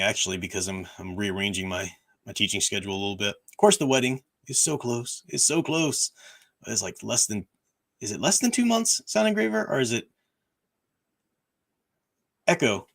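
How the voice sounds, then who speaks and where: A hoarse man with a worn-out voice hosting a casual livestream, rambling with lots of restarts and fillers. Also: lowish voice, normal speed, pauses often, a bit bright. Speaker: livestream host. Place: at home, room with bookshelves.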